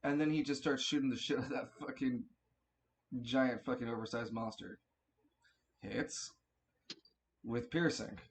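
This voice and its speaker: A man's voice: medium pitch, measured pace, pauses often, a little hiss or hum. A man running a tabletop game as game master, narrating turns casually, swearing freely and often restarting his sentences.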